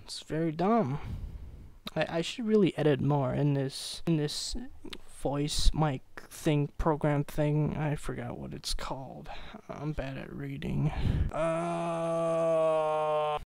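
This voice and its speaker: A man giving casual rambling commentary, stammering, apologetic and low-energy on an old cheap microphone. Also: fairly even intonation, slow pace, creaky, a little mellow, smooth, dry recording, low-quality recording. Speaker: amateur commentator.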